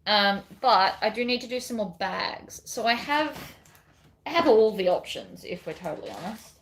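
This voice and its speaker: A woman's voice: medium pitch, expressive, moderate pace, fairly bright tone, a little hiss or hum. A woman chatting casually while she sews a bag on a livestream, reading viewer comments and rambling between steps. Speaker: bag pattern designer. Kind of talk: casual livestream crafting chat.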